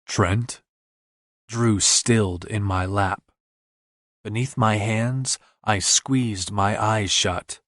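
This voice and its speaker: A man's voice: on the low side, dry recording, studio quality. A man reading a romance novel aloud in first person, intimate and earnest. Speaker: audiobook narrator.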